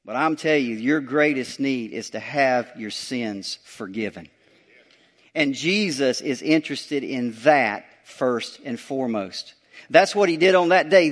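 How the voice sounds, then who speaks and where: A male pastor, preaching a sermon emphatically, repeating phrases and building to loud surges. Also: mid-range voice.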